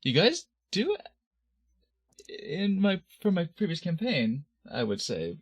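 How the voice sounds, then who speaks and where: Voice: medium pitch, sing-song, unhurried, slightly rough, no echo. A game master in a casual tabletop game stream, chatty and often laughing.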